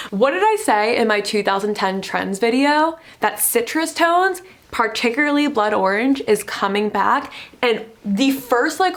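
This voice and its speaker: A young woman talks through runway looks in a casual vlog. She is chatty and excitable and drops "like" into nearly every sentence. Her voice sits at a middling pitch for a woman. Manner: chatty and excitable, full of "like" fillers. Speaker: fashion vlogger. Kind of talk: casual fashion commentary.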